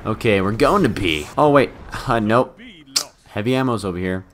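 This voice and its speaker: A young man giving live commentary over his own video game match, muttering one moment and shouting the next. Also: fairly low pitch, brisk, a little hiss or hum. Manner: excitable, swings from mutters to loud outbursts. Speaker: gaming YouTuber.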